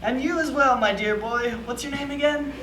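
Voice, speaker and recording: Performer as a courtly old grandpa, high, sly, distant echoey room. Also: moderate pace, sharp tone. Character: genteel old man with pickleball paddle. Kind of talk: staged reading.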